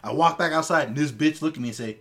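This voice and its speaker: A man co-hosting a casual podcast, telling a story in a lively, profane way. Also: on the high side, fast talker. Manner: animated storyteller, swears freely. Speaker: podcast co-host.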